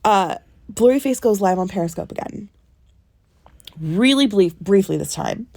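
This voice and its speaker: A woman's voice: mid-range voice, lively intonation, normal speed, darkish tone, dry recording, clean studio sound. Stuffy-nosed woman walking through a timeline. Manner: recounts a timeline step by step, checking in with "okay?" and "right?". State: stuffy nose from a cold. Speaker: podcast co-host. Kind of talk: casual podcast chat. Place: ship cabin on vacation. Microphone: phone recording.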